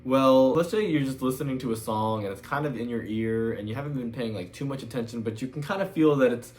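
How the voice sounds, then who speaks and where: A music teacher with a mid-range voice talks fast through a casual guitar lesson, keeping it loose and chatty and now and then singing the chord numbers. Loud guitar playing sits behind his voice.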